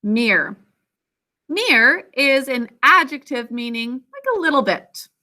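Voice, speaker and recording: Her voice high and bright, a teacher leads a spelling class in a sing-song way, dictating at a slow, deliberate pace and pulling every word apart into stretched-out sounds and syllables.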